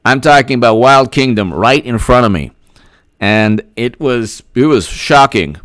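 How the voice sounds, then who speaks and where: A man hosting a political commentary livestream, reading out viewer comments and thanking them by name in an excitable, rambling way, often repeating himself. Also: mid-range voice, unhurried, no echo, studio quality.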